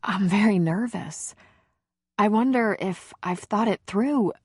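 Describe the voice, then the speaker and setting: A woman reading the part of a shy, nervous woman in an audiobook romance, soft-spoken and hesitant. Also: mid-range voice, slow, breathy edge, no room sound, studio quality, pitched above the performer's own voice.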